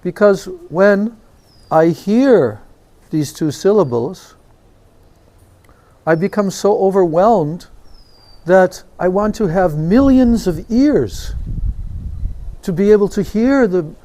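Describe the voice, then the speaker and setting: A man, a swami, recounting a personal memory in a slow and reverent devotional talk. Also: sits high, animated, dark tone. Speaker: swami giving a spiritual talk. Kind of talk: devotional storytelling lecture.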